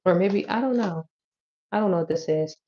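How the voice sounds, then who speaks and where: A woman with a lowish, mellow voice gives a loose, chatty tarot reading to camera at normal speed, swearing and laughing easily. The lo-fi recording sounds dull, with a little hiss or hum.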